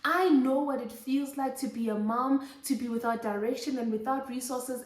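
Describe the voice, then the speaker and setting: A woman's voice: sits high, normal speed, reverberant. A young woman preaching a Bible lesson to mothers, urging and repeating her points emphatically. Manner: exhorting, repetitive emphatic preaching. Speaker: host of a Christian motherhood show.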